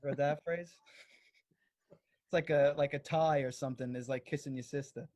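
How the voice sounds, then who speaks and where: A man's voice: medium pitch, steady tone, normal speed, darkish tone, no echo. New man, easygoing, dry sound. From New York. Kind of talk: casual video call chat. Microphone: video call.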